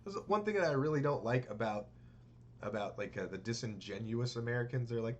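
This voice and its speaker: A man's voice: mid-range voice, lively intonation, a little fast, lo-fi sound. A man co-hosting a podcast in casual chat, crude and joking, acting out the people he quotes. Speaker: podcast co-host.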